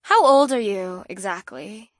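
A woman's voice: mid-range voice, expressive, measured pace, no room sound, studio quality, lightly acted. A woman playing a sly ageless succubus. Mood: playful. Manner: playful, knowing, sing-song.

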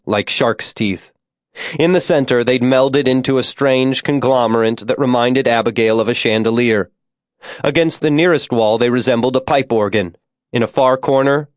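Male audiobook narrator, measured descriptive delivery, mid pitch, dry close studio sound. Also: dry recording. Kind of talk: scripted narration.

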